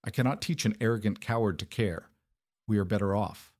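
A man voicing a blunt, coldly clinical woman surgeon who speaks flatly and quietly in a storybook reading. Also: on the low side, fairly quick, dry recording, clean studio sound, close to an everyday voice. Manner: flat, clinical, murmured. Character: blunt, cold female field surgeon.

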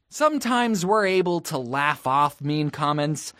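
In their twenties, this narrator delivers a scripted video slightly slowly, with lively intonation in a mid-range voice, joking at their own expense and adding playful asides. The studio sound is clean, a bit bright, and free of echo.

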